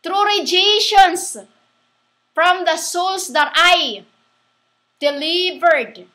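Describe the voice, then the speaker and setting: A woman giving a rambling religious monologue, halting and restarting, spelling words out letter by letter. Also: extremely high pitch, bright, forceful tone. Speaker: self-styled preacher.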